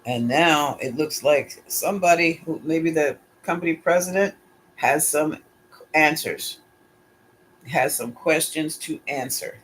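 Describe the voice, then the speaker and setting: A man's voice: on the high side, unhurried, a bit bright, slight background noise. A man giving a casual solo tarot reading, musing aloud and putting questions to his pendulum. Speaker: tarot reader.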